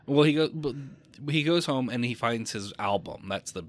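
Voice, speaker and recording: A man's voice: medium pitch, expressive, moderate pace. A man co-hosting a podcast, casually recapping a movie plot, rambling and correcting himself. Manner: rambling, self-correcting, chuckles often. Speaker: podcast co-host.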